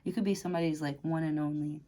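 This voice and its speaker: A woman's voice: deep voice, steady tone, quick pace, dark tone, slight background noise. A woman doing a casual tarot reading to camera, chatty and laughing often, with lots of fillers. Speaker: tarot reader.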